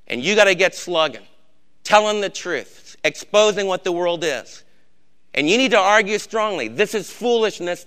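An older man with a gray beard preaching a sermon, urging his congregation and swinging between hushed warnings and shouted exhortation. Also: high voice, clear, resonant tone. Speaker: pastor.

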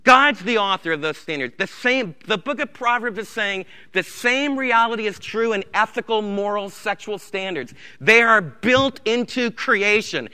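A man's voice: high voice, normal speed, few pauses, bright, forceful tone, clean tone. A man preaching a sermon as pastor, impassioned and repeating key phrases, in a church sanctuary. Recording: reverberant church hall.

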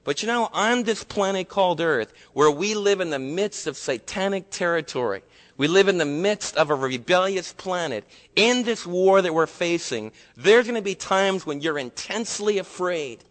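A man preaching a sermon in an earnest manner, shifting between loud emphatic passages and hushed low ones. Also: animated, normal speed, in a large hall.

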